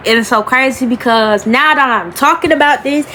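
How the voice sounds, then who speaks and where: In this storytime vlog, a young woman speaks to camera in a high, pushed, bright voice, rambling emotionally through a personal story and addressing viewers as "y'all." Her emphasized words come out slower and rising, and the rough recording has a little hiss or hum.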